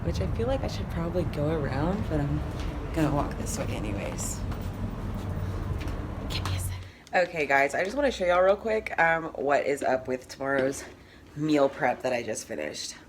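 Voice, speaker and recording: A woman's voice: low voice, expressive, moderate pace, noisy background. A woman competing in bodybuilding, talking casually to camera in a chatty, openly emotional way. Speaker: bodybuilding competitor vlogging her show day. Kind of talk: casual vlog talk to camera. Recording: background music and crowd chatter.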